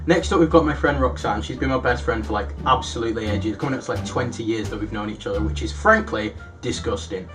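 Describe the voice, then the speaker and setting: A young man chats casually to camera in a mid-pitched voice, poking fun at himself. He gets animated and lifts his pitch when he reads out old messages. Soft music plays faintly underneath. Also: fast talker, few pauses. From United Kingdom. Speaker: YouTuber. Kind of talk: casual vlog storytelling.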